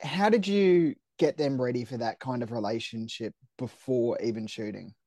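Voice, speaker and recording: A man's voice: mid-range voice, expressive, normal speed, mellow, no room sound. A man interviewing a guest with casual, chatty questions. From Australia.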